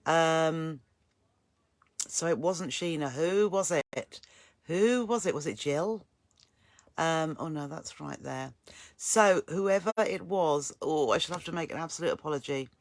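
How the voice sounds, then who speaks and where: A woman's voice: sits low, measured pace, dry recording. An older woman hosts a live sewing stream, chatting casually and greeting viewers by name. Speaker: sewing channel host.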